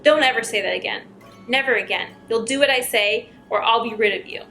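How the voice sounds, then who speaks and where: A woman's voice: a little high, brisk, sharp tone, faint music behind. A woman voicing a bullying, scolding husband. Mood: threatening. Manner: harsh, scolding and threatening. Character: controlling, bullying young husband.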